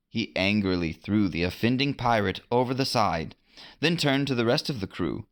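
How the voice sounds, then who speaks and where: A man narrating a storybook adventure in an expressive read-aloud manner. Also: lowish voice. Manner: expressive, unhurried.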